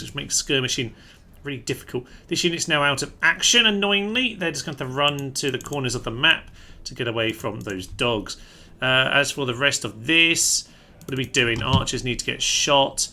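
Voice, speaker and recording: A man's voice: medium pitch, gravelly, pushed and bright. A man giving casual let's-play commentary on a strategy game, wry and sarcastic, often talking straight to his own units. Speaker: gaming video host.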